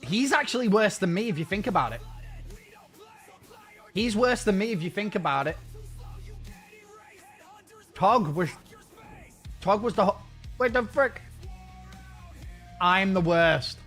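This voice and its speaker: A man's voice: sits high, animated, measured pace, long pauses, fairly bright tone, faint music behind. A man streaming a game and chatting casually with his viewers in a rambling, self-mocking way.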